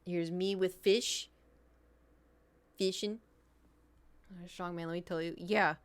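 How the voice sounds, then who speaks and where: Chatty young woman streamer, lowish voice. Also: fairly even intonation, slow, clean tone. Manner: chatty and rambling, laughs often. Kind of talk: casual chat with viewers.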